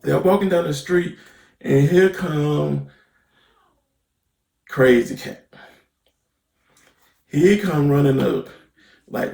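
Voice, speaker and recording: A man's voice: on the high side, slow, vocal fry, long pauses, darkish tone, echoey room. A man giving a casual, slangy recap of a TV episode as a reviewer, full of "basically" and "right?". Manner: slangy, conversational, with many fillers like "basically" and "right?".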